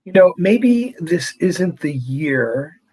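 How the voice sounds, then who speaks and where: A man's voice: a little high, big pitch swings, slow pace, darkish tone, poor audio. A middle-aged man, a priest, talking earnestly and reflectively in short phrases during an interview. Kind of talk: conversational interview.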